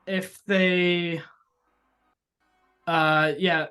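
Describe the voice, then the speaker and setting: A player in a tabletop game, hesitant and halting while reading rules and asking the game master questions. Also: mid-range voice, flat delivery, pushed and bright, clean tone, soft background music. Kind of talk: casual tabletop game play.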